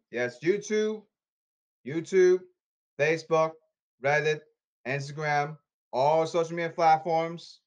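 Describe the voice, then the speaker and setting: A man's voice: a little high, lo-fi sound. A man hosting a podcast, delivering an agitated, repetitive, scolding rant. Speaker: podcast host. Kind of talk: ranting podcast monologue.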